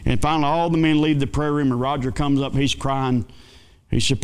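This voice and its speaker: A male pastor, telling a folksy story in a sermon with dramatic swings between excited and hushed. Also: medium pitch, a little fast, clear, resonant tone.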